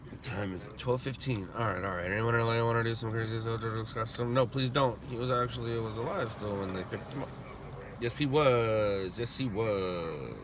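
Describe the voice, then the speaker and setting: A man from Southern California, streaming live and chatting with viewers, talking slowly and carefully. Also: mid-range voice, steady tone, background noise. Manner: slow, deliberate talk, reads and answers viewer chat. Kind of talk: casual live stream chat.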